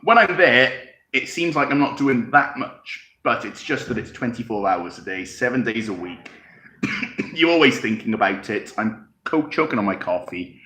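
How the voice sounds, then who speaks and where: Speaking at normal speed with lively intonation, a man from Wales uses a sharp, medium-pitched voice and a Welsh accent. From his home, in an echoey room, he casually live-streams, reading comments, rambling, and chuckling between sips of tea.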